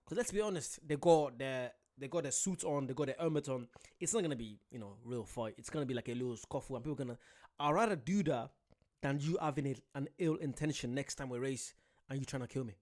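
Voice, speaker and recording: A British man hosting a casual reaction video, excitable, laughing often and talking straight to his viewers. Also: mid-range voice, quick pace.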